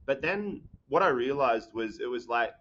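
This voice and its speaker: A young Australian man chats as a podcast guest, rambling and energetic, full of "you know" and "um". His voice sits at a middle pitch. The audio is dull and lo-fi. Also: normal speed. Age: young adult. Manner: energetic, rambling, many fillers. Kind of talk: casual podcast chat.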